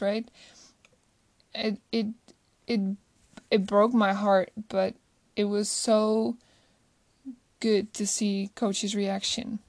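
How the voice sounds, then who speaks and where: A woman's voice: medium pitch, a little mellow, no room sound. A woman chatting casually about a movie she loves, gushing and rambling, often restarting her sentences. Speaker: movie reviewer. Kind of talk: casual chat.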